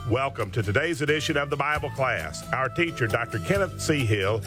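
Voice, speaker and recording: A man introduces a radio Bible class in a clear, formal announcing voice. His pitch sits mid-range. Guitar music plays clearly behind him. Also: animated, fairly quick. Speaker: program announcer.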